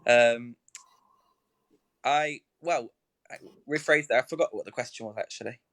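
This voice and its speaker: A man's voice: medium pitch, moderate pace, fairly bright tone, dry recording. A young man, a snooker player chatting as a guest, rambling with many fillers and restarts. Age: young adult. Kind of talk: casual live chat.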